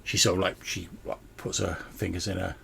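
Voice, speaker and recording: Deep gravelly man narrating a tabletop game. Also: little pitch movement, fairly quick, pushed and bright, slight background noise. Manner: loose, hesitant narration with many fillers. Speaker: game master.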